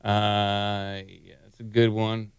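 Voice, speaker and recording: A man's voice: lowish voice, monotone, slow. A man hosting a podcast, talking casually while he plays clips and fixes the sound settings. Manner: rambling while working the sound board. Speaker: podcast host. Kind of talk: casual chat.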